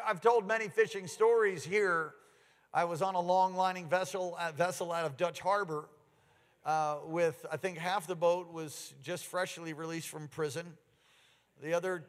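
A man preaching a sermon, telling stories with an animated delivery that climbs into excited outbursts. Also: a little high, in a large hall. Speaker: pastor.

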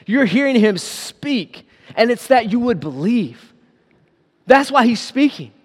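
A man preaches to his church, retelling scripture with lively paraphrased quotes. His voice sits high for a man. The hall rings with a long reverb behind him. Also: takes it slowly. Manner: animated, acts out quotes in paraphrase. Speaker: pastor. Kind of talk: sermon.

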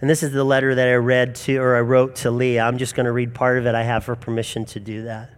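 A man's voice: mid-range voice, completely flat delivery, fast, clean tone. A man in his forties preaching a sermon in an earnest, emphatic storytelling manner. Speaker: pastor.

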